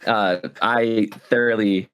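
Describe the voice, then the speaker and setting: A man co-hosting a podcast in casual chat, halting and full of fillers. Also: fairly low pitch, steady tone, a bit bright. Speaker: podcast co-host.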